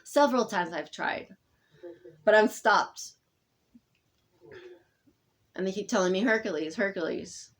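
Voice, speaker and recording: Woman, mid-range pitch, rambling vlog monologue, stop-start delivery full of restarts, drops soft then pushes loud. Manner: halting and rambling, many fillers and restarts; swings between soft murmuring and loud insistence. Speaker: vlogger speaking to camera. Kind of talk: unscripted personal monologue.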